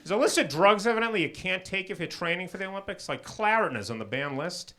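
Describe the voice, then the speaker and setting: A middle-aged man performing a stand-up comedy set, with a dry, punchline-driven delivery and quick asides to the crowd. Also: sits high, lively intonation. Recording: loud background noise.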